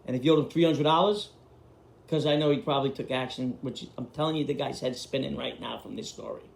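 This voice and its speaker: A man's voice: medium pitch, fast, vocal fry. Blunt profane New man telling stories. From Queens, New York. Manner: blunt, profane street talk. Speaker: storyteller host. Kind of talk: casual storytelling. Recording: roomy echo.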